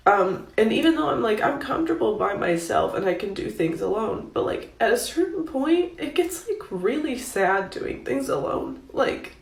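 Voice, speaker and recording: Brief: a tearful woman, halting and apologetic, gravelly, in an echoey room. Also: fairly high pitch, very animated. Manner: halting, filler-heavy, apologetic. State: crying. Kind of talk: confessional vlog.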